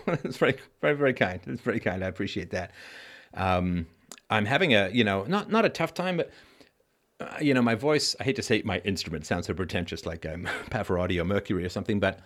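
A male host with an expressive, trained voice, answering viewer comments in a live-stream Q&A with a conversational manner and halting restarts. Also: on the low side.

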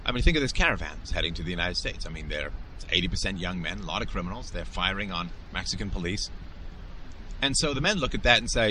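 Forceful low-voiced male commentator. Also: lively intonation, quick pace, a little hiss or hum, rough recording. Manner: emphatic, with frequent rhetorical "right?" tags. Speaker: podcast host. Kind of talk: solo commentary monologue.

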